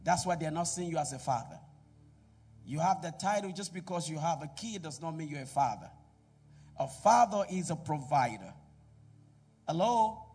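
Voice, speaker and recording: A middle-aged man preaching a sermon in a church, calling out to the congregation and swinging between loud exhortation and quiet asides. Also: a little high, lively intonation, normal speed, long pauses, breathy edge, distant mic. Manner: preaching with call-and-response to the congregation. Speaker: pastor.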